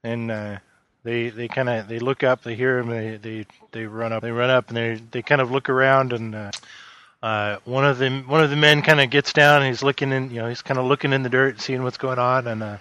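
A man's voice: medium pitch, fairly even intonation, sharp tone, clear, resonant tone, dry recording, muffled recording. A man narrating as game master, hesitant and full of fillers as he describes the scene. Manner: halting, full of fillers and restarts.

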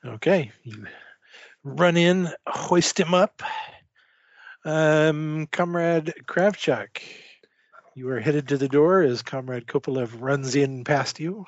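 A man narrating a tabletop game as game master, speaking haltingly with many filler pauses. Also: fairly high pitch, no echo. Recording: dull lo-fi dry recording.

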